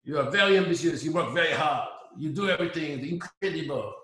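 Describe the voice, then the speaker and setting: A man's voice: fairly high pitch, quick pace, sharp tone. A man imitating a French man's heavy accent while voicing his earnest, repetitive advice in a roomy-sounding recording. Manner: emphatic, repeating words for weight. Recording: roomy echo.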